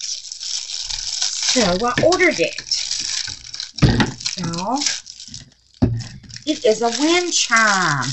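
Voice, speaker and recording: A woman hosting a casual crafting vlog, chatty and excitable, calling her viewers babies and honey. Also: a little high, slow pace, long pauses, heavy background noise. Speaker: resin craft channel host.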